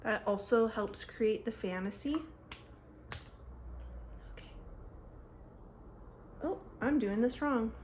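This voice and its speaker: A woman's voice: a little high, slow pace, long pauses, darkish tone, slight background noise. A young woman chatting through a makeup tutorial at home, rambling and cutting herself off, recorded on a phone. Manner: chatty, rambling, self-interrupting. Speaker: beauty vlogger. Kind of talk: casual makeup tutorial chat. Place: home, by a mirror. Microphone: phone camera.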